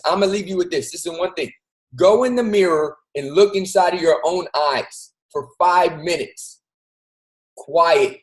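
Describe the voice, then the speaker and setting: A man's voice: high-pitched, poor audio. A man hosting a show, giving an earnest, casual motivational talk straight to his listeners. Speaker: host.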